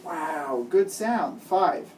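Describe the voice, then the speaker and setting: Speaking extremely slowly in a low voice with lively intonation, a woman teaches a child guitar one-on-one, giving patient, step-by-step instructions and frequent praise. Guitar playing comes through on the distant mic.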